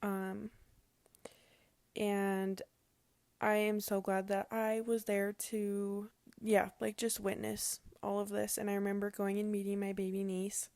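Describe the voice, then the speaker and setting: Casting: young woman storyteller, gushing and conversational, filler-heavy, plain mid-pitched voice, dry unroomy sound. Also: monotone, takes it slowly, a little mellow, no echo. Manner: chatty and emotional, says "like" often. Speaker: vlogger. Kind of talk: casual personal storytelling.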